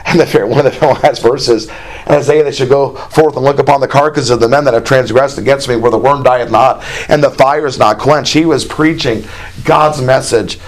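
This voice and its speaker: A man preaching a sermon in a folksy, conversational way, with plain asides and imagined dialogue. He reads scripture aloud in a raised, more animated voice. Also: medium pitch, normal speed.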